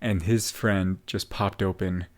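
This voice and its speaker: Man, low voice, casual podcast chat, animated retelling, quick acted quotes. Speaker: theatre podcast co-host. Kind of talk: casual podcast discussion of a play.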